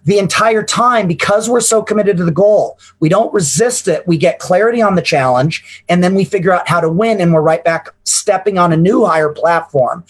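A man's voice: sits high, normal speed, few pauses, husky. A man co-hosting a business podcast, talking in a motivational, emphatic way with the odd swear word. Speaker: podcast co-host. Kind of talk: casual business podcast talk.

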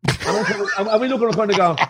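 A man's voice: high-pitched, very fast, noisy background. A man with an Irish accent, a pub band musician telling stories in a casual interview, laughing often. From Ireland. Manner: chatty storyteller, laughs often. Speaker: house band musician, guest.

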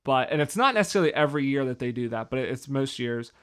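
A man's voice: mid-range voice, lively intonation, fast talker, fairly bright tone, smooth. A man from the northeastern United States, co-hosting a casual podcast and asking follow-up questions. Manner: conversational, asks follow-up questions. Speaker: podcast co-host. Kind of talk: casual chat.

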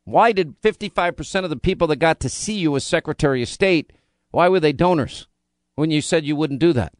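A man's voice: fairly high pitch, brisk, dry recording. A man hosting a talk radio show, delivering a combative, indignant monologue full of rhetorical questions into a studio microphone.

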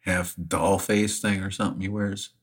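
A man's voice: low-pitched, little pitch movement, moderate pace. A man co-hosting a podcast who reacts to stories with short exclamations and reads out fan questions. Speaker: podcast co-host. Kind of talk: casual chat, reading fan questions.

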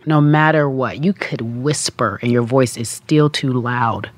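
A woman guest speaking candidly in an interview, telling her story with animated delivery and acting out quoted voices. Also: very deep voice, a little slow, no room sound.

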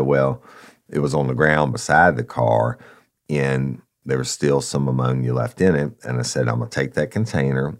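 A man's voice: extremely low pitch, vocal fry, a little mellow. A middle-aged man, telling a true crime story in a folksy, profane, casual way. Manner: folksy and profane, addresses listeners as y'all. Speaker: podcast storyteller, former narcotics officer. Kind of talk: casual first-person storytelling.

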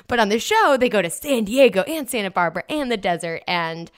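A woman's voice: mid-range voice, very animated, fairly quick, no echo, clean studio sound. A young woman co-hosting a podcast, chatting casually and rambling with frequent laughs. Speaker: podcast co-host. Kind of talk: casual chat.

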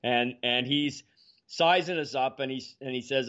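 A man telling an easygoing, meandering family story in a measured way during casual conversation. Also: medium pitch, a bit bright. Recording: dull, muffled audio.

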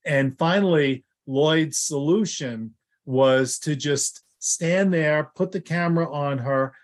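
A male actor and lawyer tells stories as a guest in a loose, casual way. He rambles, restarts his sentences often and fills pauses with ums. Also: on the high side. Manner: rambling, with many fillers and restarts. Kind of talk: casual anecdotal storytelling.

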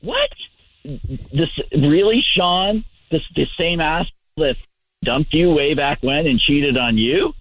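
Man on a phone line, lively angry pitch, husky, tinny sound. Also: slow, dry recording. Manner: hesitant, then angry and incredulous. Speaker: caller. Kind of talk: phone confrontation.

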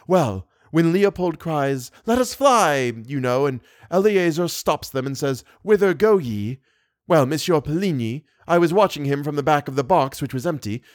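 A man voicing a haughty, excitable older woman who keeps a theatre box. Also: a little high, dry recording, clean studio sound, pitched above the performer's own voice, lightly acted. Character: indignant gossipy older woman box-keeper.

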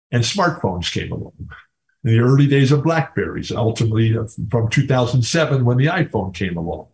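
A man's voice: fairly high pitch, darkish tone. Rambling enthusiastic older man. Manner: rambling, enthusiastic, repeats words. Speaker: podcast guest. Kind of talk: casual storytelling interview.

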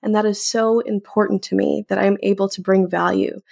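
A young woman talks casually and from the heart as a podcast host, sounding grateful and a little emotional. Her voice sits at a middle pitch with a noticeable gravelly fry. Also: flat delivery, brisk, darkish tone. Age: young adult. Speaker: intern hosting a weekly podcast segment. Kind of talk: casual personal talk to camera.

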